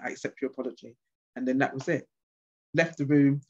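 A woman guest speaker at a conference, answering questions with passionate, animated stories. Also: very deep voice, fairly quick. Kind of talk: conference Q&A with anecdotes. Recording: dull lo-fi sound.

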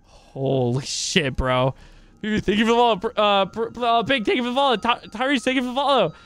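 A male streamer giving excitable, profane live commentary while playing a game and thanking new followers. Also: very high voice, fairly quick.

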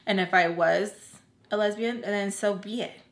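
A young woman telling a personal story on her channel, candid and rambling, filling every pause with "like" and cutting her swears short. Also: mid-range voice. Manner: rambling, fills with "like" constantly; candid, emphatic, cuts off swears. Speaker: YouTube storyteller. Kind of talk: casual storytime.

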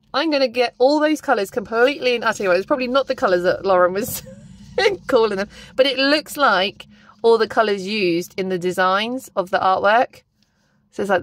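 A young woman unboxing stationery in a casual, gushing vlog. She is excitable and keeps bursting into exclamations, her voice at a middling pitch. The sound is dry and close, with little room echo.

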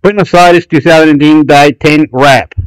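A man rambling excitedly about websites in a vlog, loud, profane and repetitive. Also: fairly high pitch, normal speed, clear, resonant tone, dry recording, poor audio. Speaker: YouTube vlogger. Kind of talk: excited rambling screen commentary.

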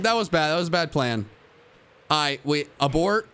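A man streaming a video game live, muttering to himself and joking with chat, sometimes breaking into high-pitched yelling. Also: lively intonation, unhurried, slight background noise. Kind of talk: live gameplay commentary.

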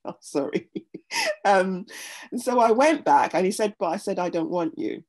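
A middle-aged woman speaking earnestly as an interview guest, animated when retelling stories. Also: fairly low pitch, moderate pace. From United Kingdom. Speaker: interview guest, pastor and former nurse. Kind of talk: reflective conversation.

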